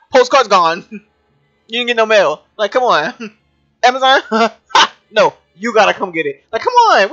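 A man's voice: high voice, sharp tone, dull audio. A young man hosting a let's play, joking and incredulous, laughing often and using slang. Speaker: gaming video host.

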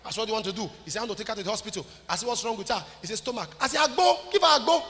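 Pastor preaching with a bright, high voice. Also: male voice, racing. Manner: preaching to a congregation, urging listeners to repeat after him. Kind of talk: sermon. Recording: long hall reverb with faint ambient noise.

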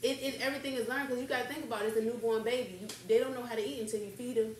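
A woman's voice: a little high, fairly even intonation, racing. A woman hosting a casual talk show, speaking candidly and emotionally in loose, slangy, rambling chat. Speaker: podcast host. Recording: echoey room from a distance, faint noise.

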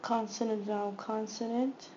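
A woman teacher slowly sounding out words one by one in a phonics lesson. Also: a little high, steady tone, mellow. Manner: slow, deliberate sounding-out of each word. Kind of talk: phonics word sort lesson. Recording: slightly muffled with faint background hiss.

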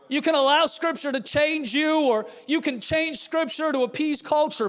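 A male pastor delivering a fiery sermon with forceful, shouted refrains. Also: very high-pitched, lively intonation, moderate pace, few pauses.

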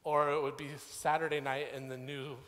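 A man in his thirties preaching a sermon, telling a personal story in a conversational, animated way. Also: a little high, normal speed. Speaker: pastor. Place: church sanctuary. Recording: long church hall reverb.

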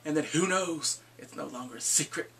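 A man reviews a TV episode in a loose vlog recap, his voice sitting a bit high with a gravelly edge. He gets worked up, swears often, and slips into quick impressions of the characters. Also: slight background noise. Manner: excitable, profane, acts out quoted lines.

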